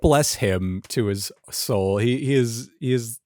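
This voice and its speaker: A man's voice: medium pitch, slow, darkish tone, dry recording. A man in his late twenties, co-hosting a podcast in casual chat, rambling with many filler words. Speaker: podcast co-host.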